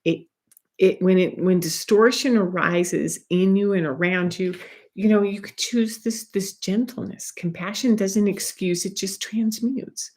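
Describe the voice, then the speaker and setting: Woman, spiritual guide, soft meandering monologue, recorded at home; gentle and unhurried. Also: medium pitch. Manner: soft, meandering, with light laughs and asides.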